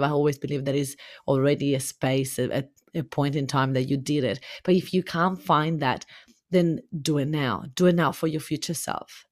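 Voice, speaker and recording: Low-voiced impassioned woman coach. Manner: impassioned, repetitive. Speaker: business coach. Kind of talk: motivational podcast talk.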